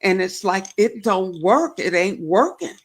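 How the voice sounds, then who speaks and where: A woman's voice: medium pitch, lively intonation, measured pace, background noise. A woman hosting a faith-based talk show, reflecting aloud and asking herself questions. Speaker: show host.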